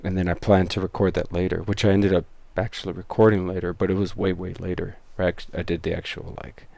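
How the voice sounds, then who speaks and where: A man with a deep, gravelly voice rambles through casual behind-the-scenes commentary on his own show. He pauses often with fillers and restarts his sentences. The sound is dry and close, with no room around it. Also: level tone, darkish tone, no echo. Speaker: show creator and host.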